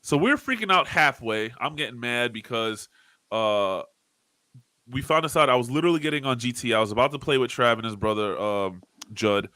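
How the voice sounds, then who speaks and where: A man co-hosting a casual podcast, telling animated stories and swearing freely. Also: mid-range voice, fairly quick, dry recording. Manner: animated storyteller, swears freely, acts out arguments loudly. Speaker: podcast co-host. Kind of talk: casual chat.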